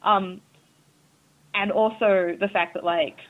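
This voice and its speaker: A woman's voice: mid-range voice, fairly even intonation, slow. A woman from New Zealand in casual conversation, chatty and full of fillers. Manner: chatty, many fillers and likes. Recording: tinny phone-like line.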